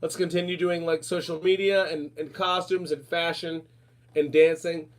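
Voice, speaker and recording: A man hosting a casual talk show, animated and rambling, calling listeners darling and honey. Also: a little high, moderate pace. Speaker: podcast host. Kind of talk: casual chat.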